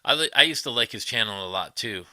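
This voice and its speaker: A man's voice: lowish voice, expressive, fast, pushed and bright, no room sound. A man hosting a casual livestream, chatting with viewers and giving blunt, profane opinions. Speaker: livestream host. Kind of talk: casual livestream chat, reading viewer comments.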